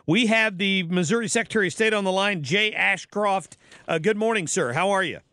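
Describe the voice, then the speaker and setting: A man with a fairly high voice hosts a radio talk show in a casual, chatty way, often restarting his sentences. He sits close to the mic in a dry studio, with no room sound around him. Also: fairly quick, sharp tone, no echo.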